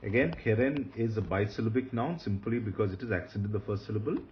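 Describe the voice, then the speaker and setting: A male lecturer goes over Hebrew grammar with patience, restating the important points and filling pauses often. The recording of his lowish voice is lo-fi, with background noise.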